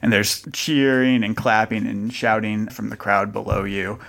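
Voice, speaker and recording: A man's voice: on the low side, level tone, unhurried, vocal fry, a bit bright. A man narrating a tabletop game as game master, describing scenes in a casual, chatty way.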